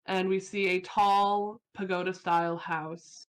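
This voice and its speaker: A woman playing a tabletop game, calmly reading out a written epilogue for her character. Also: fairly low pitch, unhurried. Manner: calm, descriptive storytelling. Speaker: player.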